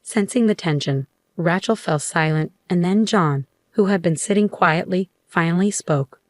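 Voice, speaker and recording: A woman reading a first-person story aloud in an even, measured way. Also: on the low side, no echo. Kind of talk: scripted first-person narration.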